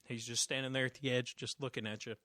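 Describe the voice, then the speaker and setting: Bright-voiced man narrating as game master. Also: mid-range voice, fast, no room sound, studio quality. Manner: relaxed, many fillers and restarts.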